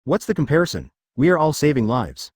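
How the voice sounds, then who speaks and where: A synthetic male narrator voicing a calm, kind young male medic ninja in an audiobook. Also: fairly high pitch, a little fast, no room sound, clean studio sound.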